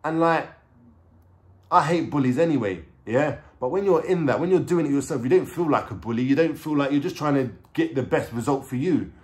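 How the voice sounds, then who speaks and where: A man's voice: on the high side, brisk. A man with a London accent telling a story in casual, streetwise slang with frequent swearing. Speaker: vlogger.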